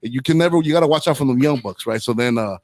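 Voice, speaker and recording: A man's voice: medium pitch, fast talker, dry recording. A man hosting a casual chat, rambling in slang and tagging lines with "right?" and "dog.". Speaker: podcast host.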